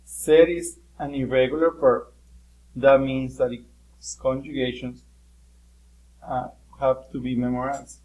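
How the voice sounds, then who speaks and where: A Spanish teacher gives a recorded classroom lesson, explaining patiently with occasional fillers and switching between English and Spanish. His mid-range voice is flat and darkish, delivered slowly with long pauses. The recording quality is low.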